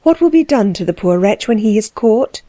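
A spirited young noblewoman speaks in a weary, tired way, as a woman reads her aloud. The voice is mellow and dry, set in an audiobook. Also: mid-range voice, expressive, brisk, no echo, natural voice. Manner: weary, impulsive.

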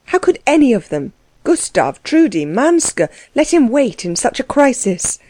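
A woman's voice: a little high, big pitch swings, measured pace, mellow, dry recording, voice pushed up. A woman reading the part of a proud imprisoned nobleman, speaking earnestly and indignantly, in a dry recording. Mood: anxious.

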